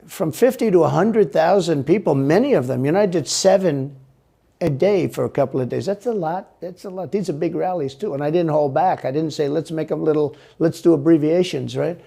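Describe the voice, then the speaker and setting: A man's voice: a little high, a little fast, gravelly, mellow, slightly rough. A man speaking as an interview guest, rambling and repeating himself with a boastful tone. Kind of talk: played interview clip.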